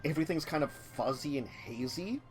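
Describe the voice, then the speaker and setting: Rambling male game master, lively pitch. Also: brisk, music in the background. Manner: rambling, many "like" fillers. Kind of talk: narrating a tabletop game.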